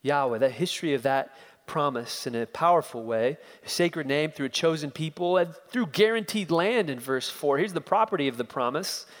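A man's voice: fairly high pitch, expressive, moderate pace, big-room sound. A man preaching an expository sermon, emphatic and building his points through repeated phrases.

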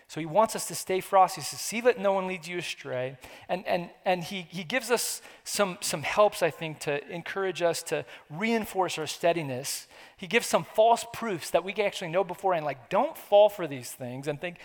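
A pastor delivers a sermon at normal speed, his voice sitting high for a man. He speaks earnestly and conversationally, circling back to repeat phrases for weight, and the sound carries a long hall reverb.

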